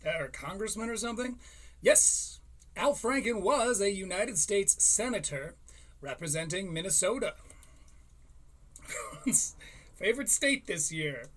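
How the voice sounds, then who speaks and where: High-voiced man telling a casual story. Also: expressive, a little slow, long pauses, fairly bright tone. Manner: profane, laughing between lines. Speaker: podcast host.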